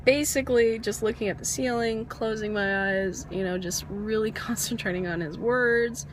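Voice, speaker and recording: A woman's voice: fairly high pitch, moderate pace, a little hiss or hum. Candid woman recounting, slight cold. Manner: candid, rambling, self-deprecating with soft laughs. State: getting over a cold, coughing. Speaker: vlogger. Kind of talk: personal vlog storytelling.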